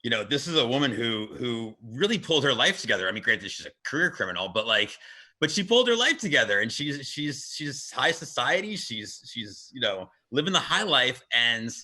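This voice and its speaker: A man guest on a video-call interview, talking in an animated way and often repeating words as he gets going. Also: mid-range voice, fairly quick. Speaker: game writer and interview guest.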